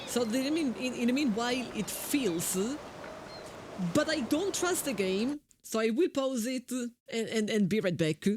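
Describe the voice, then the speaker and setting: Italian-accented woman streaming a game, jokey and chatty, bit high voice, noisy mic hiss behind. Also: expressive, a little slow. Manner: playful, jokey, addresses chat. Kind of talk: casual live-stream commentary.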